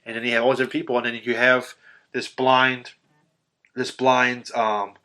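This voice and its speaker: A man co-hosting a podcast, casually recapping a film in a profane, animated way and acting out quotes with sudden shouts. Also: medium pitch, normal speed. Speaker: podcast co-host.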